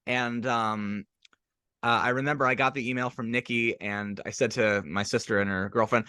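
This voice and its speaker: A man's voice: medium pitch, fairly even intonation, moderate pace, bright, forceful tone, clear, resonant tone, dry recording, studio quality. A man hosting an interview podcast, talking in a chatty, eager way. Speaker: podcast host. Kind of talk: casual interview chat.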